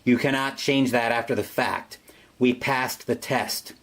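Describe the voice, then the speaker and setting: A man voicing a composed male hero leader who argues in a measured way. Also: medium pitch, fairly even intonation, a bit bright. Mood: firm.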